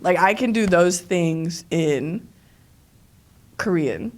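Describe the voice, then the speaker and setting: A woman, a dancer and choreographer, chatting casually as an interview guest, with lots of "like" fillers and animated quoting. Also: fairly low pitch, slow.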